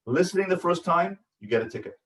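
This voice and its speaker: In an echoey room, heard from a distance, a rabbi gives a parenting lecture in a high-pitched, animated voice with a bit of brightness. He talks quickly, emphatically and repetitively, constantly checking in with his listeners.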